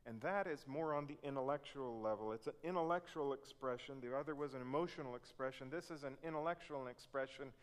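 A man's voice: medium pitch, fast, hardly any pauses. A man preaching a sermon, reading scripture and explaining it earnestly, acting out complaints in a raised voice. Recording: long hall reverb.

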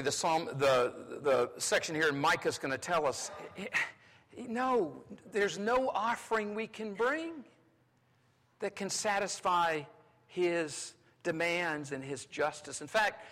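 A male pastor from North Carolina preaching a sermon, swinging between loud exclamations and hushed asides. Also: on the high side, lively intonation, unhurried. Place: large church sanctuary. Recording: long hall reverb.

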